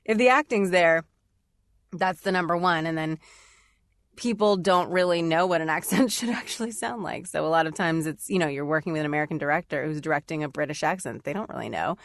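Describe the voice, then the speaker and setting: A woman's voice: low-pitched, no echo, clean studio sound. A woman voice actor chatting casually on a podcast, filling her talk with "like"s and frequent laughs. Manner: chatty, many "like"s, laughs often. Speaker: voice actor and demo writer, guest.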